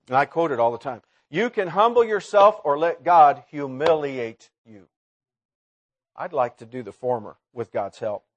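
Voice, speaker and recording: A man preaching a sermon in a college chapel, swinging between loud emphatic lines and low quiet asides.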